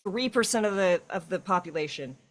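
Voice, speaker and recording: A woman's voice: fairly low pitch, animated, fairly quick. A woman from Texas, chatting casually and trailing off with fillers. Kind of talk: casual chat.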